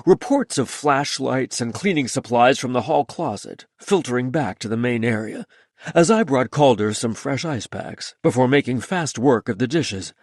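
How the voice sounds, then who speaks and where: Lively male audiobook narrator. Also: medium pitch, normal speed, no room sound, clean studio sound. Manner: lively, expressive storytelling. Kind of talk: scripted first-person narration.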